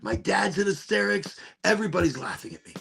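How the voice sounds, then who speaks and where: A man hosting a podcast, telling a story in a casual, animated way, swearing and repeating words as he goes. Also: high voice, a little fast, creaky. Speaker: podcast host.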